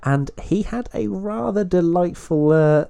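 A man's voice: high voice, expressive, measured pace, vocal fry, warm tone, clean tone. A man hosting a casual podcast chat in a playful, jokey manner. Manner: playful, jokey, laughs often. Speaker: podcast host.

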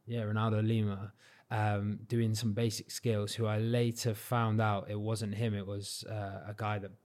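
Give me a young man as a laid-back interview guest, modest, with a fairly low voice. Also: moderate pace. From Cornwall, England. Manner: relaxed, modest, many fillers like "like" and "um". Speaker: guest, freestyle football champion. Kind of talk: casual interview chat.

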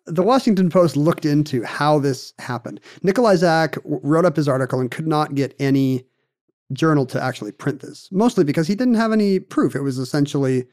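Wry, slightly high-voiced man chatting. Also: lively intonation, brisk, darkish tone. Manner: wry, conversational, explaining a news story with asides. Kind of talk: casual chat.

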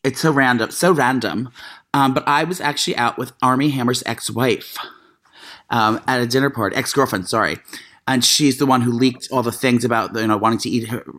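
A man co-hosting a casual chat show, telling animated stories full of fillers and quick asides. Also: medium pitch. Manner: animated storytelling, frequent fillers. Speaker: podcast co-host.

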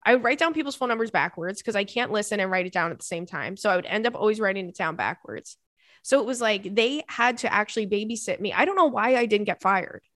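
A woman's voice: mid-range voice, lively intonation, fast talker, fairly bright tone, dry recording, clean studio sound. A woman in her thirties hosting a podcast, reading listener emails in a casual chat full of laughing tangents and swearing.

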